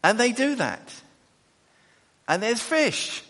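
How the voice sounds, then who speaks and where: A man preaching a sermon and reading scripture, animated and chatty, with quick asides and self-corrections. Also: extremely high pitch. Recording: echoey hall.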